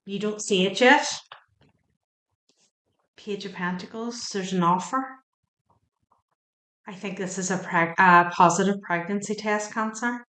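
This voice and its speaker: A woman's voice: mid-range voice, unhurried, long pauses, fairly bright tone, echoey room. A woman giving a tarot reading, chatty and emotional, asking the cards questions aloud as she turns them. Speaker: tarot reader. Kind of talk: spoken tarot card reading.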